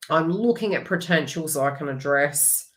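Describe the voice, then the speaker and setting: A woman giving a chatty, rambling astrology reading with animated asides. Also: deep voice, moderate pace. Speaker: astrology reader. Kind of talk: casual astrology forecast.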